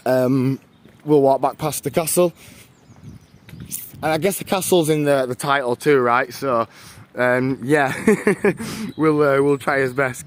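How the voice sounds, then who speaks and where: A man's voice: a little high, unhurried. A young man with a northern English accent, chatting casually to viewers while walking outdoors on a livestream. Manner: chatty, rambling, thanks viewers warmly. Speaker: live-streamer. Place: outdoors walking through a town. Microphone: handheld phone camera.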